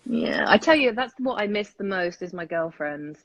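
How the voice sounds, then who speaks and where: A woman with a dry, close sound, chatting casually on a live video call. She is blunt and jokey, quick with a teasing reply. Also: mid-range voice, lively intonation, fairly bright tone, no echo. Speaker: co-host of a live video chat. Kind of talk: casual chat.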